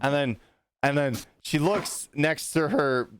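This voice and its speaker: A man's voice: fairly high pitch, slow pace, clear, resonant tone, no room sound. A man hosting a livestream, chatting casually and animatedly retelling a story in funny voices. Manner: animated storytelling, acting out characters. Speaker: livestream host. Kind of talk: casual group chat.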